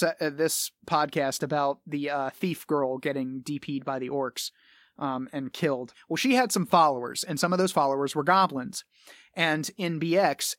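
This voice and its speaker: A man's voice: a little high, a bit bright, dry recording, clean studio sound. A man hosting a podcast, talking casually and rambling, with frequent laughs and casual swearing. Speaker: podcast host.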